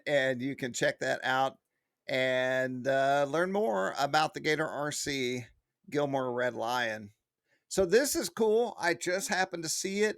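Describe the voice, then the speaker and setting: A man's voice: medium pitch, vocal fry, fairly bright tone, no echo, clean studio sound. A man hosting a weekly hobby news roundup, chatty and enthusiastic, with frequent fillers. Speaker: host of a weekly RC news show.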